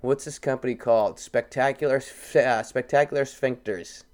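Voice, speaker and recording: Male podcast co-host, crude, jokey banter, middle pitch. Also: a little mellow. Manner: crude, jokey, quick to laugh. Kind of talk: casual chat.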